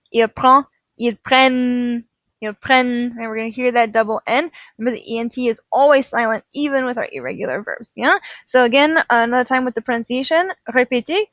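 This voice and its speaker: Woman French teacher, slightly high voice, patient drilling, dry close mic. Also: fairly bright tone, no echo. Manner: switches between French and English, drills with repeated prompts. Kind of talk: classroom grammar lesson.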